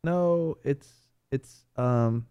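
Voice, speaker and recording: A man on a talk show panel, talking casually in a rambling, animated storytelling way with frequent restarts. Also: medium pitch, drawn-out words, clear, resonant tone, no echo, lo-fi sound. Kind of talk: casual chat.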